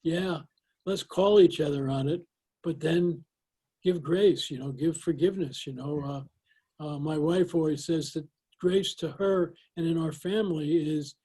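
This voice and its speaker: A man's voice: a little high, warm tone, breathy edge, poor audio. An older man answering interview questions, talking in a folksy storytelling way with lots of "you know"s. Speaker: guest. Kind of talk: interview conversation.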